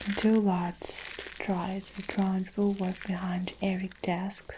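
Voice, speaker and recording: A woman reading a children's story aloud in a soft whispered role-play for ASMR. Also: mid-range voice, flat delivery, takes it slowly, hardly any pauses, background noise. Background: faint soap crushing and crinkling.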